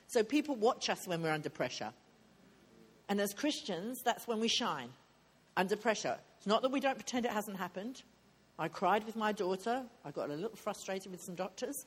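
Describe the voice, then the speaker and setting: A woman delivers a sermon at a retreat in a husky, breathy voice. Her pitch sits in an ordinary middle range. She talks like she's sharing over coffee, earnest and direct, and hammers her points home by repeating them. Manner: earnest, conversational preaching with emphatic repetition. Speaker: speaker at a women's retreat.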